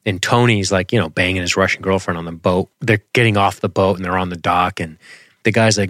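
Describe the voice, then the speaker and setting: Man, low voice, dry close sound, casual podcast chat, profane, laughs a lot. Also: steady tone, quick pace, fairly bright tone, dry recording. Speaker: podcast co-host. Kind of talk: casual chat reviewing a TV episode.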